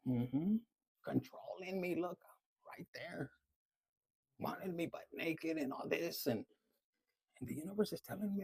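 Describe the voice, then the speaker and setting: High-pitched gravelly man reading tarot. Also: lively intonation, normal speed, darkish tone, no room sound. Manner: blunt, profane, chatty. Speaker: tarot reader.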